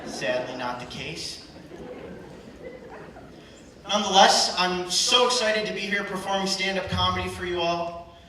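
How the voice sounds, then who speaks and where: Young man doing stand-up in a booming hall. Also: bright, forceful tone. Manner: punchy, crowd-working, ironic. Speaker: stand-up comedian. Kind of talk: live stand-up comedy. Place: large hall at a live culture show. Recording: echoey hall, far from mic, crowd noise. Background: audience reactions and hall ambience.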